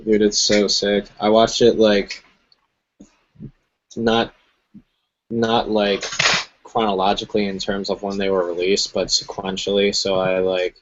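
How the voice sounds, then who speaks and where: Chill low-voiced guy drawling real slow on a stream, muffled sound. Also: monotone, background noise. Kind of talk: casual chat on a livestream.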